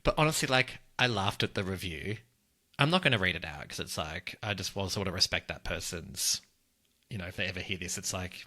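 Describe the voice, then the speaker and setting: A man co-hosting a podcast, chatting casually and telling gossipy stories in an animated way. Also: deep voice, a little fast, no echo. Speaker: podcast co-host, author. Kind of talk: casual chat.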